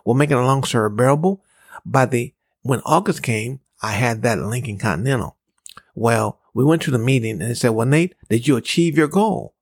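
Male podcast host, dry close sound, slow and repetitive sales coaching. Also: mid-range voice, no echo. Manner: measured, repetitive, acts out dialogue in his story. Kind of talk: motivational talk with a personal story.

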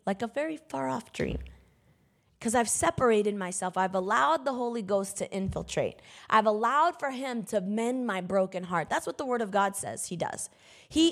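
A woman preacher giving an emphatic sermon, breaking into bursts of loud exhortation. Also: fairly high pitch.

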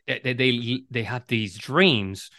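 Male co-host, bright tone, dry close recording, reflective and rambling. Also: mid-range voice, slow, no room sound. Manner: reflective, restarts and repeats words. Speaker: podcast co-host. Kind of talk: casual conversation.

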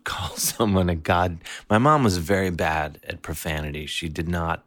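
A man's voice: low voice, a little slow, a bit bright, no room sound. A man in his fifties telling a family story in a meandering, wry, self-interrupting way. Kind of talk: casual storytelling.

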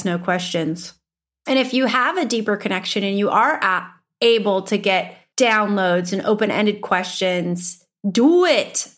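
A woman's voice: mid-range voice, a bit bright. A woman in her thirties with an Upper Midwestern accent, teaching as a spiritual coach in an earnest, emphatic way that repeats key phrases. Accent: Upper Midwestern American. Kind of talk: teaching monologue.

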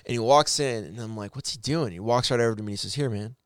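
A man's voice: fairly low pitch, fast talker, smooth, no room sound, studio quality. A man telling a personal story to his viewers in a casual, heartfelt way, rambling and correcting himself as he goes. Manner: rambling, with frequent restarts and self-corrections; earnest and encouraging.

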